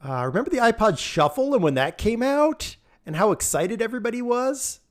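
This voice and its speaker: A man's voice: very high voice, sing-song, fairly quick. Male streamer, casual live chat while gaming, rambling and laughing a lot. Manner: rambling, chatty, laughs often, answers chat.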